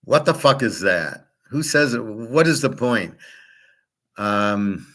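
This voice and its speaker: A man's voice: on the low side, lively intonation, slow pace, fairly bright tone. A man hosting his own show, talking off the cuff in a blunt, scornful and profane way, acting out both sides of his stories. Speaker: sports handicapper and show host. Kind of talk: unscripted ranting monologue.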